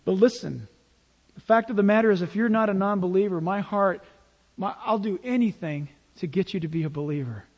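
Male pastor, high-pitched, emphatic storytelling sermon, long reverb of a big church. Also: fairly quick, highs cut off. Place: large church.

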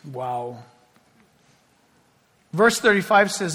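A man preaching a sermon as pastor, talking conversationally and joking, swinging between loud and hushed. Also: fairly high pitch, very animated, slow, gravelly, long pauses, slightly rough. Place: church sanctuary. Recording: long hall reverb.

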